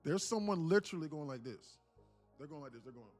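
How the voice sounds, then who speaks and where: A man's voice: fairly high pitch, quick pace, soft background music. A man hosting a live day-trading stream, chatting casually with viewers, joking and swearing freely. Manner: profane, joking, laughs often, lively delivery. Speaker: livestream day trading host. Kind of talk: casual livestream chat.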